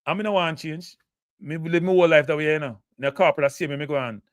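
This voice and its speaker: A man's voice: fairly high pitch, fast talker, no room sound. A Jamaican man hosting a live football talk show, blunt and emotive, answering chat comments.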